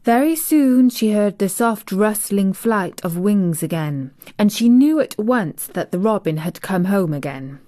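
Woman narrator, storybook reading, very slow and gentle, soft near-whispers, dry close mic. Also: mid-range voice, expressive, dry recording. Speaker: audiobook narrator.

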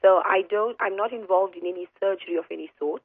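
A hoarse woman doctor speaks as a radio guest, explaining her field in a measured way with fillers. Her pitch is middling. She comes through a thin telephone line with no room sound. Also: no room sound. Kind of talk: phone-in radio interview. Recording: tinny phone line on radio.

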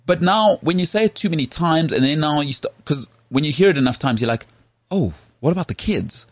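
A man from South Africa co-hosting a podcast in casual chat, animated and full of restarts. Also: on the high side, fast talker, no room sound. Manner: animated, full of restarts and "you know what I mean". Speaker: podcast co-host.

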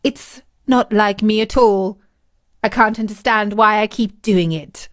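A woman's voice: medium pitch, fairly even intonation, measured pace, lightly acted. Brief: a shaken fake witch woman, read by a woman, flustered and apologetic.

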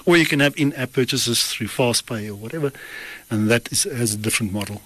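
A man's voice: mid-range voice, fairly quick, fairly bright tone, low-quality recording. A man, a creative agency director, explaining app payment options on a radio show with some hesitation.

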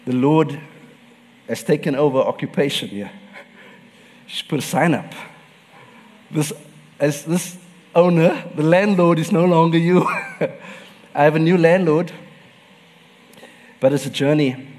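Pastor preaching in a reverberant hall. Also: male voice, fairly high pitch, measured pace, long pauses, darkish tone. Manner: personal storytelling, laughs often. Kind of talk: sermon.

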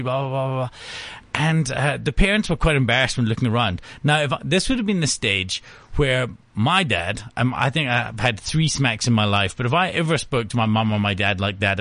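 A man's voice: medium pitch, fairly bright tone, no echo. A middle-aged man, ranting bluntly in casual podcast chat and acting out quotes. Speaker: podcast co-host.

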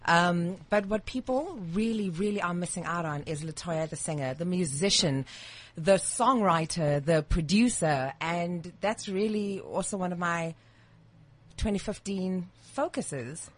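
A woman's voice: lowish voice, unhurried. A woman, a singer and actress, talking confidently about her work as a guest in a radio studio. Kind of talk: radio interview talk.

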